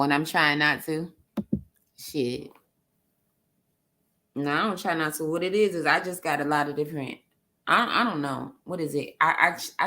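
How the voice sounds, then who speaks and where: A woman's voice: low voice, pushed and bright. A woman with a New York accent chatting on a panel, blunt and profane, laughing often. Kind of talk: casual panel chat.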